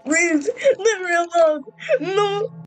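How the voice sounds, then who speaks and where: Luigi, a nervous cartoonish plumber man, as a performer puts him on, drawls out every word very slowly and keeps repeating his frantic pleas. Faint game music hums in the background of this fan-made role-play. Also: sits high, animated, full character voice. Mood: frightened, pleading. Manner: frantic cries and pleading, repeating himself. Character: timid young adult plumber man, jumpy and easily scared.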